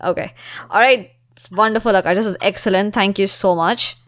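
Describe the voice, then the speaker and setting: A woman's voice: mid-range voice, brisk, fairly bright tone, dry recording, studio quality. A woman hosting a podcast, chatting with a guest and then reading her upbeat sign-off. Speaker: podcast host. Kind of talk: casual interview and podcast outro.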